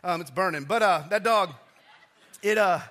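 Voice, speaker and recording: A man preaching a casual, conversational sermon in a church, often restarting phrases and dropping low and quiet for emphasis. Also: normal speed. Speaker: pastor.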